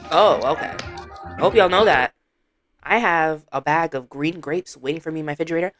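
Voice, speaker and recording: A woman reaction streamer giving casual commentary, teasing and laughing with loud exclamations. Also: deep voice, fairly quick, soft background music.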